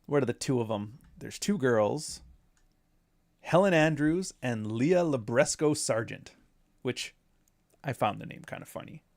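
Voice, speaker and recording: A man of middle pitch talks through a casual commentary, wandering off on tangents with sarcastic jabs. The sound is close and dry, with no room around it. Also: expressive, measured pace, gravelly, darkish tone, dry recording. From Canada. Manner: rambling, sarcastic asides. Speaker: commentary host.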